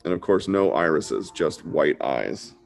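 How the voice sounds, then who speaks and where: A man's voice: extremely low pitch, expressive, a little slow, vocal fry. A man teaching a casual live online drawing lesson, laid-back and chatty, talking like a buddy. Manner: laid-back and chatty, says dude a lot. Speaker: drawing instructor.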